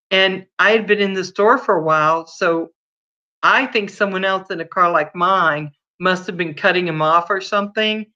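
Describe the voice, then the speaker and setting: A woman's voice: on the low side, bright, forceful tone, dull audio. A woman hosting a casual livestream, chatting with viewers by name and telling stories. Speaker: livestream host.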